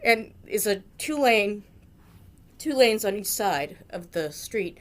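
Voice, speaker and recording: A woman's voice: mid-range voice, expressive, slow. A middle-aged woman from Massachusetts telling a funny memory about a friend, with dramatic, jokey exaggeration. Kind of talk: storytelling tribute.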